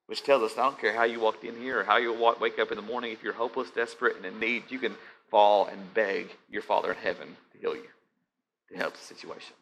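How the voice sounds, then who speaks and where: A man's voice: lowish voice, steady tone, quick pace, vocal fry, a bit bright, slight background noise. A man preaching a conversational sermon, speaking animatedly and often checking in with his listeners.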